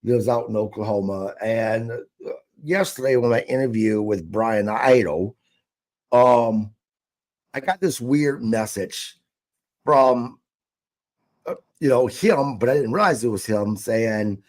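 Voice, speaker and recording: A man's voice: mid-range voice, unhurried, a little mellow. A man co-hosting a casual wrestling podcast, blunt and dismissive, swearing freely. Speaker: podcast co-host.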